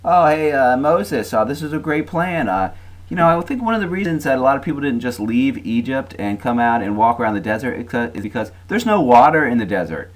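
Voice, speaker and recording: A man's voice: mid-range voice, lively intonation, a little fast, pitched above the performer's own voice, lightly acted. A man voicing a sarcastic, grumbling ancient wanderer with a mocking sing-song delivery, raised well above his own voice.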